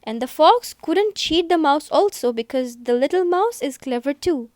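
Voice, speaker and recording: Casting: woman schoolteacher, recorded lesson, high voice, dry close sound, patient step-by-step explaining. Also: animated, darkish tone, no echo. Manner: slow, repetitive, explaining step by step. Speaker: school English teacher. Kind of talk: recorded lesson for young pupils.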